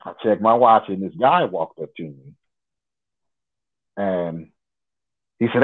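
A man from Nebraska, a guest in an interview, telling a personal story in an unhurried, detailed, conversational way. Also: low voice. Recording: tinny phone line.

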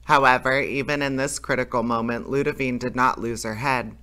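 Bright male storyteller reading a fairy tale aloud, unpolished, with small stumbles. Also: mid-range voice, fairly even intonation, fairly quick. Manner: plain unpolished reading with small slips and self-corrections.

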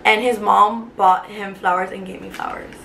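A woman's voice: mid-range voice, level tone, moderate pace, vocal fry, sharp tone. A woman in her twenties, a teacher, chatting casually to the camera in a rambling, emotional way with many fillers. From Cuba. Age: 20s. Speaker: vlogger, teacher. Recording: faint background noise.

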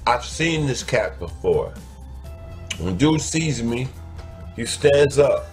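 A man's voice: mid-range voice, sing-song, slow, soft background music. A man telling a crude personal story, blunt and profane, stretching out words for emphasis.

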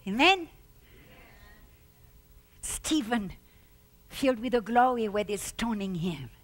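A woman pastor preaching a fervent sermon, shouting out exclamations and repeating words for emphasis. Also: fairly high pitch, expressive, takes it slowly.

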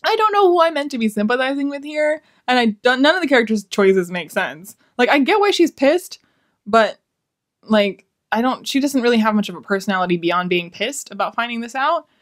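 A woman's voice: on the high side, expressive, brisk. A woman giving a casual, rambling book review, sounding exasperated and swearing freely.

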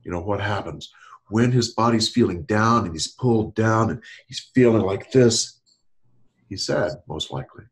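Speaking at normal speed in a fairly low voice, a middle-aged man offers counseling-style talk during a casual podcast chat. He's animated, laughs a lot, and performs quotes with his voice raised.

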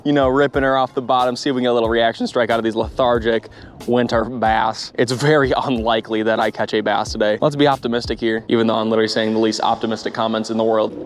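A young man of about twenty rambles and jokes as he vlogs outdoors beside a pond. His voice sits in an everyday middle pitch and gets excitable in spots. A faint outdoor hiss runs under the talk. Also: quick pace. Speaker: bass fishing YouTuber. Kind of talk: casual vlog chat.

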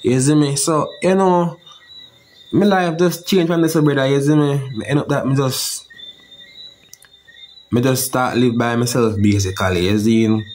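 Young Jamaican man, halting and repetitive delivery, slight background hiss. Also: medium pitch, steady tone, a little mellow. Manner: repeats "you see me" constantly, halting and rambling. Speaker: interviewee telling his story. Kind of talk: emotional personal account.

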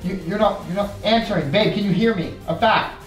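A man's voice: high voice, brisk, far from the mic. A young man co-hosting a home vlog, rattled and repeating himself while pleading with his girlfriend. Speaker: boyfriend, co-host. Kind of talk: prank vlog, casual. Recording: roomy, off-mic, faint music.

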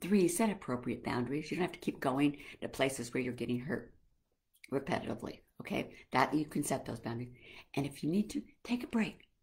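An older woman coaching other women in a devotional talk, gentle and motherly, often slowing into a soft, calm voice. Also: a bass voice, breathy edge. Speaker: Christian life coach for women. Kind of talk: devotional teaching on a live stream.

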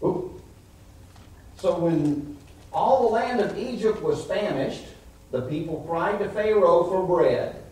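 Male pastor, animated sermon, fairly high voice, very echoey church, distant mic. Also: slow, long pauses. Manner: animated preaching, calls out "amen?" to the congregation. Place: church sanctuary.

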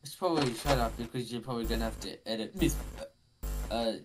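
Goofy loud man joking over a game. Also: medium pitch, fast, music in the background. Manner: loud, goofy, laughs a lot. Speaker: friend co-playing a game. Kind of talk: casual gaming commentary.

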